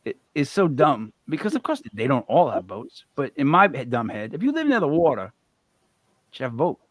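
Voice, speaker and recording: A man hosting a podcast in casual chat, animated and swearing freely. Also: medium pitch, normal speed, no room sound. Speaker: podcast host.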